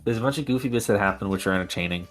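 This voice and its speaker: Low-voiced laughing male podcast host. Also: racing, a bit bright, faint music behind. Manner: laughing, swearing freely, rambling with fillers. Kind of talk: casual chat.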